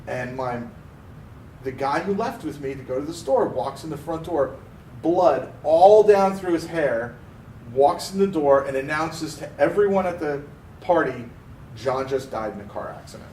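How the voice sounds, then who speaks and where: A man from Pennsylvania, co-hosting a car podcast, telling a story in a casual, animated way and acting out the voices he quotes. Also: fairly high pitch, moderate pace. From Pennsylvania, USA. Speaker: podcast co-host. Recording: roomy, distant mic with faint noise.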